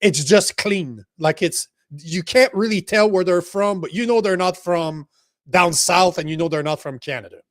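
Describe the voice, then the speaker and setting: A man whose first language is French talks bluntly and profanely in a casual co-host chat. His voice sits a little high and he gets animated. The recording is dry and close. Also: moderate pace, no echo. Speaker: podcast co-host.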